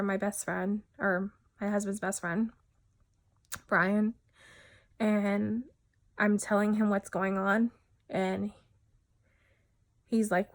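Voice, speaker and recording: A woman from New Jersey giving a personal testimony, speaking haltingly and often dropping quiet. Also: mid-range voice. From New Jersey, USA. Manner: halting, many fillers and restarts, often drops soft.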